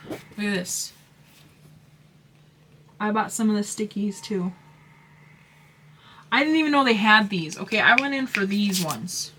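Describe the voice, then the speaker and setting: A woman's voice: medium pitch, sharp tone, slight background noise. A woman craft vlogger chatting casually about her haul, gushing and rambling with lots of fillers and restarts.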